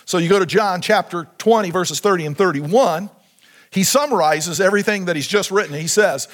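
A pastor preaching a sermon in a high, lifted voice. He keeps turning to the congregation with questions and prompts. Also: brisk. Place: church sanctuary.

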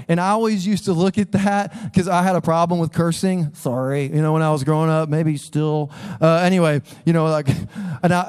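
A man delivers a sermon in church with a fairly high voice. He keeps it conversational, cracking jokes with the congregation and acting out the people he quotes. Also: darkish tone. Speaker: pastor.

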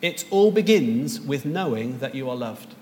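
A man's voice: mid-range voice, expressive, a little slow, darkish tone, in a large hall, slight background noise. A man preaching a sermon as pastor, earnest and rising to emphatic peaks.

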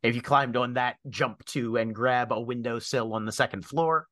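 Male game master, bright and dry-sounding, narrates scenes with frequent fillers. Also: mid-range voice, steady tone, moderate pace, no room sound. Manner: descriptive, hesitant with many fillers.

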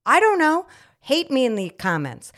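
A woman's voice: high voice, moderate pace. Ranting indignant woman podcast host. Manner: animated, swears, rants with exaggerated indignation. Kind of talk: casual podcast chat.

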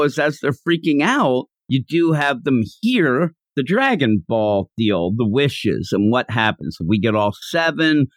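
A man's voice: medium pitch, a bit bright, no echo. A man co-hosting a podcast, chatting casually as he recaps a comic and acts out the characters' lines. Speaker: podcast co-host.

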